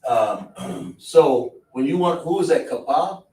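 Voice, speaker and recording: A man's voice: medium pitch, lively intonation, slow, gravelly, dark tone. A man teaching a class at a board, repeating words and quizzing his students with questions. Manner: repetitive, question-and-answer teaching style. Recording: echoey room, voice from a distance.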